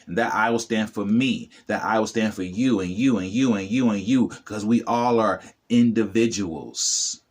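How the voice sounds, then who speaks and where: A man's voice: on the low side, normal speed, hardly any pauses. A middle-aged man giving a motivational talk to the camera as a spiritual vlogger, preachy and repetitive, addressing the viewer directly.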